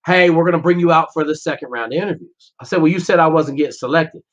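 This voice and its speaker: Speaking quickly in a slightly high voice, this man, a former Navy SEAL, tells a story on a podcast in a blunt, foul-mouthed style and performs the dialogue himself. It's a casual storytelling interview captured in somewhat dull, lo-fi audio.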